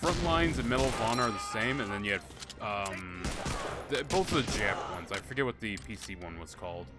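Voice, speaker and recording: Male game streamer with a lowish voice, loose and profane, talking to chat over loud game music. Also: animated, a little fast. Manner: rambling, profane, joking. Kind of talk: casual live-stream commentary. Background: game music and gunfire.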